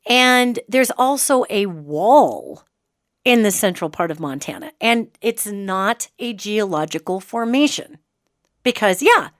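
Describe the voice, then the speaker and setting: A woman's voice: medium pitch, a bit bright, no room sound, studio quality. A woman from the United States hosting a show, talking in a chatty, emphatic monologue with sarcastic asides. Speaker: host and psychic. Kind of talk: casual monologue.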